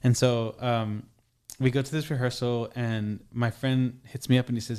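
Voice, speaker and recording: Casting: young adult man, podcast guest, mid-pitch voice, loose storyteller who keeps circling back with fillers. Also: steady tone, moderate pace, warm tone, clean tone. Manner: rambling, heavy on "like" and restarts. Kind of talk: casual storytelling.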